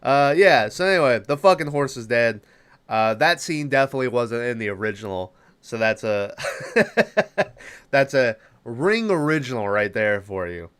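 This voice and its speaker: Man, podcast host, casual movie recap, swears a lot, rambling, resonant clean voice, mid pitch. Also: expressive, measured pace, a bit bright, clear, resonant tone. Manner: profane, rambling, lots of fillers.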